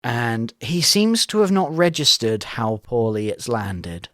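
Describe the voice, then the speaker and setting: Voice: mid-range voice, very animated, measured pace, no echo, studio quality. A co-host of a reaction podcast about a reality show, chatting casually with wry, opinionated remarks. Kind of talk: casual chat.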